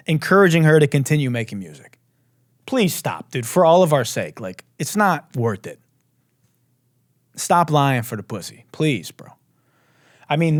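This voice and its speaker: Brief: sarcastic male host ranting, very animated pitch, dry close sound. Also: no echo. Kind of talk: comedic commentary.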